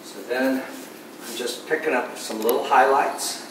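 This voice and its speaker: A man giving a relaxed painting demonstration, talking softly and unhurriedly, often trailing off quietly as he works. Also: mid-range voice, measured pace, a little hiss or hum. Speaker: painting instructor. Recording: distant mic in an echoey room with faint ambience.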